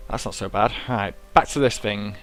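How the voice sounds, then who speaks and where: A man's voice: on the low side, normal speed, a bit bright. A young man giving casual, self-mocking commentary as he plays a game, talking himself through each step. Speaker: gaming YouTuber. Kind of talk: casual let's-play commentary.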